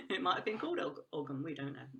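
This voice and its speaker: A woman's voice: mid-range voice, very animated, fast, sharp tone. A woman talking as a guest about trees and woodland work, enthusiastic and rambling, with frequent restarts and laughs. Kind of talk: casual conversational chat.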